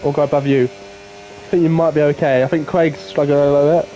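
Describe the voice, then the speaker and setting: Male race caller, high-pitched, excitable, shifts from quiet asides to big outbursts, faint hiss. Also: fairly quick. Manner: excitable, swings from low murmurs to loud shouts. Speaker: race commentator. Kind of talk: live sim racing qualifying commentary.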